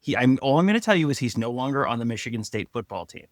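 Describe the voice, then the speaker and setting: A man co-hosting a sports podcast, telling stories with wry humor and quick mock voices. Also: medium pitch, very animated, no room sound, clean studio sound. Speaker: podcast co-host. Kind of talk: casual sports chat.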